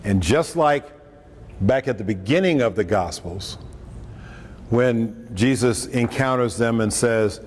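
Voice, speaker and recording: Man preacher, mid-pitch, casual joking delivery; recorded in a reverberant hall with faint ambience. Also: takes it slowly. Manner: conversational, joking asides, acts out quotes. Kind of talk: lunchtime talk on scripture. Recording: echoey hall, faint room noise, mic at a distance.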